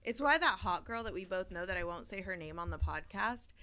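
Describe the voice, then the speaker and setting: A woman's voice: lowish voice, lively intonation, a little fast, pushed and bright, clean tone. A woman co-hosting a comedy podcast, bantering in a blunt, teasing way and laughing easily. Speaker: podcast co-host. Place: podcast studio.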